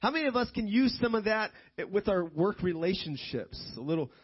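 High-pitched husky-voiced male preacher. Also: brisk, muffled recording. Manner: animated preaching, rising to loud emphatic stretches. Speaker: pastor. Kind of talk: sermon.

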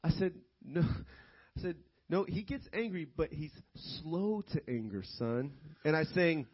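High-pitched husky-voiced male preacher. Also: moderate pace, highs cut off. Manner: animated preaching, rising to loud emphatic stretches. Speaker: pastor. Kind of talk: sermon.

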